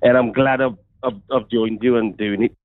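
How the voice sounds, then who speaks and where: A man's voice: mid-range voice, fairly even intonation, normal speed, no echo. A man from England with a West Midlands accent, calling in to a radio show to share an earnest faith testimony, often repeating his words. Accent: West Midlands English. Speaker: caller. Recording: tinny phone line.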